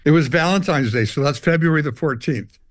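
Older Canadian musician, guest storyteller, slightly high voice, dry close sound. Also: male voice, brisk, no room sound. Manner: animated storyteller, acts out dialogue and hums riffs. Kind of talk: storytelling interview.

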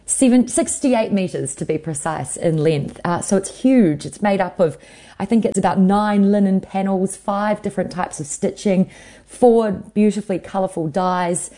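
A woman's voice: mid-range voice, moderate pace, mellow. A woman speaking as a guest on a radio interview, informative and enthusiastic. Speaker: guest contributor.

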